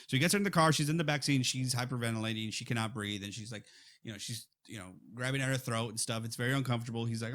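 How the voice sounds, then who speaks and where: A man co-hosting a horror film podcast, retelling a scene in lively casual chat and acting out the characters' lines. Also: medium pitch, racing. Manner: animated storytelling, acts out quotes. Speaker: podcast co-host.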